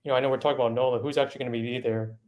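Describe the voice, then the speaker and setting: Fast-talking man rallying the chat. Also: medium pitch, fairly even intonation, darkish tone. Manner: chatty, engaging the audience. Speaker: guest. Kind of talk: casual livestream chat.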